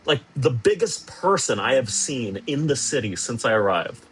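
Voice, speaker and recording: A man's voice: mid-range voice, big pitch swings, moderate pace, slight background noise. A young man streaming from a hotel room, chatting casually and reading out viewer messages in a rambling, sarcastic, self-deprecating way with lots of swearing.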